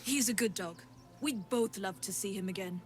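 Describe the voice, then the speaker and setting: A woman's voice: medium pitch, normal speed, close to an everyday voice. Curt dog-owning courier, a woman acting her, mid-height voice, game music under. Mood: dry. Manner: curt, domineering. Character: harsh, possessive woman courier who owns a dog.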